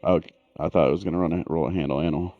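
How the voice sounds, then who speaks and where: A man's voice: extremely low pitch, steady tone, racing, no echo, phone-quality sound. A man playing a tabletop game in character, brash and boastful, swearing freely. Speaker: player.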